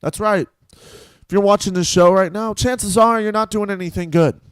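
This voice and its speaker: Deadpan male co-host, dry sound. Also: sits high, normal speed, smooth, no room sound. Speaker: comedy show co-host. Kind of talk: mock-preachy comedic banter.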